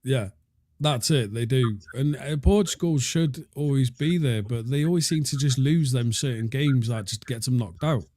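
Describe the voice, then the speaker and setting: A man's voice: mid-range voice, moderate pace, warm tone, dry recording, clean studio sound. Chatty Welsh man co-hosting a podcast. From Wales. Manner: rambling, self-interrupting. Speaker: co-host. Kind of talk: casual football chat.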